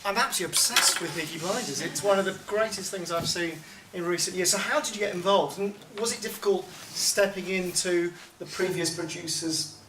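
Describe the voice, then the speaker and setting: A man's voice: sits high, brisk, hardly any pauses. A man interviewing a guest on stage, enthusiastic and encouraging, addressing the audience. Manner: enthusiastic, affirming. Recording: echoey hall, distant mic, noisy.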